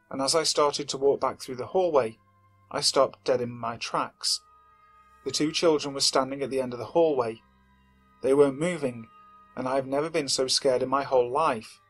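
A man reading a submitted first-person horror story aloud in a steady, measured narration that slows at the tense moments. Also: medium pitch. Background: faint background music.

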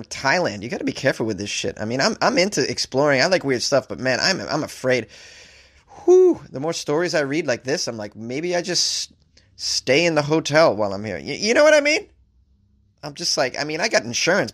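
A man's voice: medium pitch, fairly bright tone. Male host, casual news commentary, sarcastic rambling delivery, swears freely. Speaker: host reading and reacting to news stories. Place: staying in a hotel abroad.

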